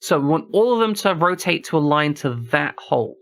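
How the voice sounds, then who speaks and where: A man streams a horror game, thinking aloud as he works through a puzzle and tossing remarks to his viewers. His voice sits a little high for a man, with a steady gravelly fry running through it. The delivery is loose, unscripted gameplay chatter. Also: fairly quick. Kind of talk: casual gameplay commentary.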